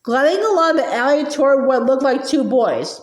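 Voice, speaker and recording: A nervous elderly woman with a quavery voice, voiced by a woman reading a storybook. She sounds flustered and high-pitched. A roomy echo surrounds her. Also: expressive, normal speed.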